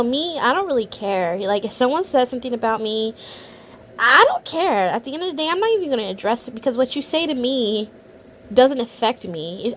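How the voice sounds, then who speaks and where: A woman's voice: a little high, slight background noise. A woman hosting a reaction video, commenting in a sneering, contemptuous way.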